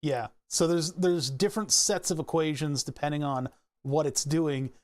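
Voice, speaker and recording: A man's voice: fairly high pitch, moderate pace, darkish tone. A man casually walking through his microcontroller code, rambling and self-correcting, laughing at himself now and then. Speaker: hobbyist electronics maker.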